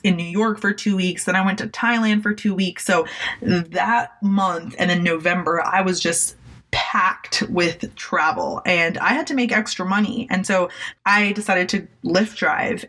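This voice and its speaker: A woman with a slightly low voice talks on her own motivational podcast. She tells her stories candidly and encourages her listeners earnestly, in the tone of a life coach. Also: a bit bright. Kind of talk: solo motivational podcast talk.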